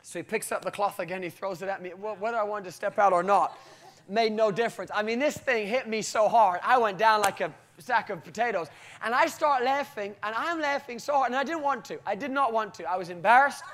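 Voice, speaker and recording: In this clip, a man from Britain preaches a sermon drawn from his own experience, his pitch unusually high for a male voice. His delivery is lively and full of laughter, and he speaks a little fast.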